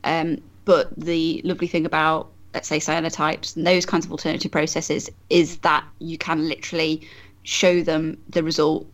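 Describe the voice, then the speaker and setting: A woman's voice: deep voice, flat delivery, moderate pace. A woman photographer talking as a guest in a casual podcast conversation, chatty and friendly, with many fillers and restarts.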